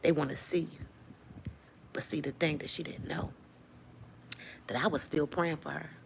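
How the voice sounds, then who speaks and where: Woman host, gravelly low voice, animated testimony, faint room noise. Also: moderate pace. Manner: animated storytelling, acts out quotes, laughs often. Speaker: host sharing a faith testimony. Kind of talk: lively spoken testimony to viewers.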